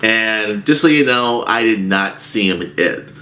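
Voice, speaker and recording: A man with a low-pitched voice tells a rambling workplace story in a casual rant. He talks slowly, circling back and restarting his sentences. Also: animated, sharp tone, slight background noise. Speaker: movie theater worker.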